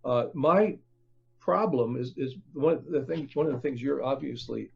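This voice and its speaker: An older man, a book author, speaking as a podcast guest in a halting, conversational way with many fillers and restarts. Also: medium pitch, creaky, muffled recording. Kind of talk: conversational interview.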